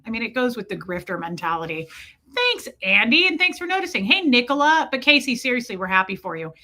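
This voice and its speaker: A woman hosting a casual livestream, chatty and joking, who greets her viewers by name; her voice is slightly hoarse. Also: on the high side, sing-song, fast talker, bright, forceful tone. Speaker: livestream host.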